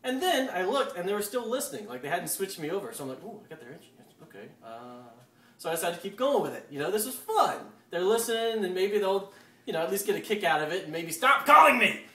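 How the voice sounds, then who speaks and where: Guy telling a funny story, bright voice, really lively, echoey room and kinda far from the mic. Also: high voice, quick pace. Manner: animated, acts out quotes. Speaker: storyteller on a talk show. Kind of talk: casual anecdote telling.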